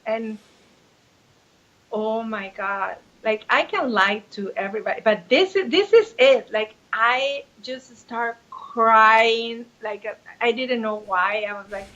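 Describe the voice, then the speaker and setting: A woman's voice: a little high, slow, lo-fi sound. A woman in her forties from Mexico, a Spanish speaker, telling her story openly as a life coach guest. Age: 40s. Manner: open and expressive, many restarts. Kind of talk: candid personal storytelling.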